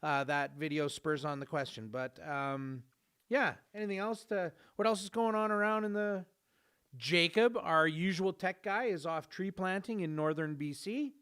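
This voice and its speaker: A man's voice: fairly high pitch, moderate pace, a bit bright, clear, resonant tone. A man, hosting a podcast in a jokey, easygoing way with plenty of fillers. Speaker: podcast host. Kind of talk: casual podcast chat.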